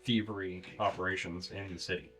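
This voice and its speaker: Low calm guy asking questions at a tabletop game. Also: a little fast, faint music behind. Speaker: player. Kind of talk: in-character tabletop play.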